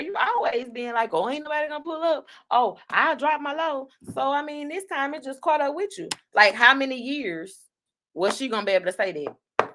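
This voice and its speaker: A woman hosting an online talk show, giving blunt, profane commentary on online drama in a casual, fast-talking way. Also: on the low side, a bit bright. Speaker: online radio host.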